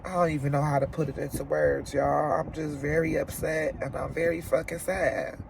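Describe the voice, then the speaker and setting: A woman's voice: low voice, flat delivery, normal speed, vocal fry, darkish tone, slight background noise. A woman vlogger crying as she vents about a friendship breakup, swearing as she talks to camera from her car. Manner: tearful, venting, swearing. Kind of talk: emotional car chat to camera. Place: inside a parked car.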